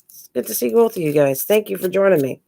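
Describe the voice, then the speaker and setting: A woman's voice: medium pitch, lively intonation, quick pace, creaky, warm tone, no echo. An older woman hosting a casual live stream from home while crafting, chatting with viewers and calling them pet names.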